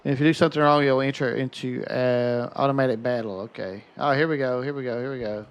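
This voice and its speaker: A man's voice: mid-range voice, steady tone, fast talker, smooth, highs cut off. A man casually commenting on a game during a live stream and chatting with his viewers by name.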